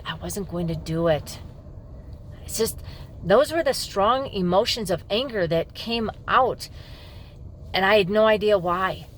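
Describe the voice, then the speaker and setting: A woman's voice: medium pitch, unhurried, a little hiss or hum. A middle-aged woman police officer candidly telling a personal story to the camera in an emphatic, frank way.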